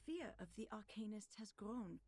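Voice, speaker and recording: An actress voicing a cautious female committee member who argues policy in a formal, deliberate way in a game. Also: mid-range voice, animated, a little mellow, breathy edge, no room sound. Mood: serious.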